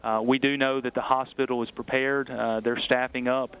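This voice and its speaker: A man who is a city mayor giving a measured, cautious update during live storm coverage. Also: medium pitch, level tone, fairly bright tone, clean tone, low-quality recording. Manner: measured, cautious official briefing. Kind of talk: phone-in report during live news.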